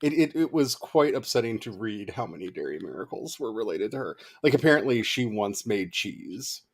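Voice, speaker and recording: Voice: mid-range voice, moderate pace, breathy edge. A co-host in casual chat, telling stories with lots of giggling. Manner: giggly, animated storytelling.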